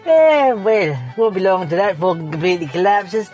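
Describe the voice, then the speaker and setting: A man doing a high swearing grump ranting. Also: big pitch swings, moderate pace, a little mellow, faint music behind. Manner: profane, ranting, mocking. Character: foul-mouthed grumpy man giving a news roundup. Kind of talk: comedic character rant.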